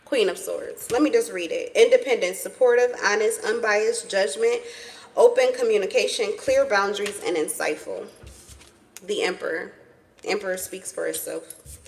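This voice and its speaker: A woman's voice: medium pitch, normal speed, a little mellow, a little hiss or hum, low-quality recording. A woman giving a casual tarot reading to her viewers, blunt and profane, with emphatic repetition. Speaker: tarot reader.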